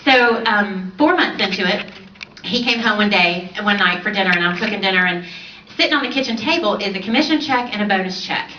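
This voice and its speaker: A woman in her thirties telling her personal story to an audience on a stage, animated and often laughing. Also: medium pitch, fairly quick. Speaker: conference speaker. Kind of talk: personal success story speech. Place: large event stage. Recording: roomy, distant, dull, slightly noisy.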